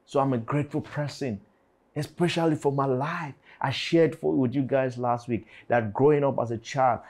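A man's voice: medium pitch, fairly even intonation, normal speed, a little mellow. A man in his forties preaching to teenagers, fervent and prayerful. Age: 40s. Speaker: youth pastor. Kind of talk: sermon.

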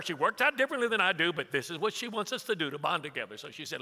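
A man in his sixties, a pastor, delivers a sermon in a bright, ringing, high-pitched voice that echoes with long reverb through a church sanctuary. He tells funny family stories and plays both sides of each conversation. He is very animated and talks very fast, with hardly any pauses.

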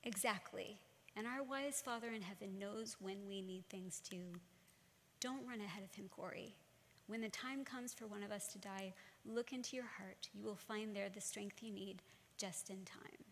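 A woman reading the lines of a gentle, wise watchmaker father, softly and reassuringly, in a church talk. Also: mid-range voice, normal speed, big-room sound, a little hiss or hum, natural voice. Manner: soft, reassuring.

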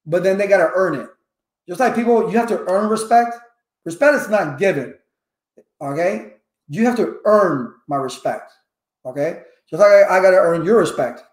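High-voiced chatty male instructor. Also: echoey room. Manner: talkative, preachy, addresses viewers by name. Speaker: network engineering instructor on a livestream. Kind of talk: casual live-stream talk.

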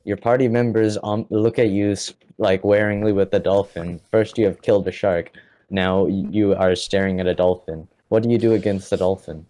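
A man narrating as game master of a tabletop game, halting and rambling with many fillers. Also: low-pitched, fairly even intonation, dark tone. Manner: halting, full of fillers and restarts.

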